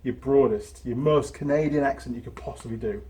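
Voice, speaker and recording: A man hosts a motorcycle repair vlog from his own workshop. He talks casually and rambles, trading easy banter and laughing at his own slowness. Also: medium pitch, a little mellow. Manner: rambling, chatty, self-deprecating. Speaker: motorcycle mechanic and host.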